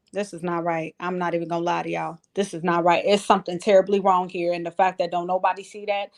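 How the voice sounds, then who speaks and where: A woman's voice: fairly low pitch, flat delivery, a little fast, a little mellow. An exasperated woman, ranting in a heated casual chat and repeating herself.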